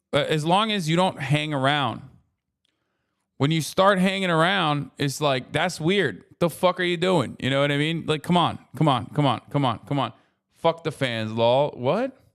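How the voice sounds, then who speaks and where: Profane rambling streamer man. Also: fairly high pitch. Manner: profane, rambling, animated asides. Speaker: streamer reacting to a video. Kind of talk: casual stream chat.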